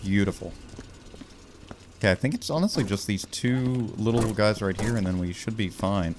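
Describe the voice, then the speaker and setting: A man's voice: fairly low pitch, normal speed, background noise. A young man rambling and joking his way through casual gameplay commentary. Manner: rambling, jokey, puts on loud emcee shouts. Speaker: gaming YouTuber.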